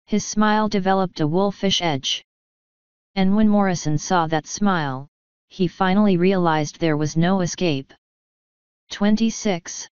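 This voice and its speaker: Smooth-voiced woman reading an audiobook. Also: on the low side, a little slow, a little mellow, dry recording, lo-fi sound. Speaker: audiobook narrator. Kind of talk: scripted audiobook narration.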